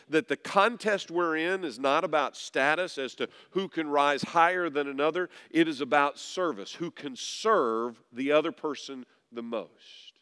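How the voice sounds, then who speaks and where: Man preaching in a reverberant hall. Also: clean tone. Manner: dynamic preaching, drops low and soft then rises loud. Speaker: pastor. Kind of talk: sermon. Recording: long reverb of a large hall.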